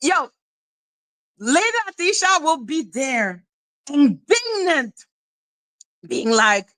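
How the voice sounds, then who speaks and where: A woman's voice: high-pitched, expressive, slow pace, sharp tone, rough recording. Scornful, foul-mouthed woman ranting. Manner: profane, sarcastic, scornful. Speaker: commentary channel host. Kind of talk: livestream rant.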